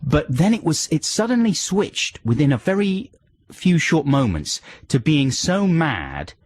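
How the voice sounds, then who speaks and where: A male radio host who talks into a studio mic in casual, rambling banter, his pitch swinging up and down in lively patterns. His voice has a slightly husky texture, and the sound is close and dry, with no room echo. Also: unhurried. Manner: chatty and rambling. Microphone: studio microphone.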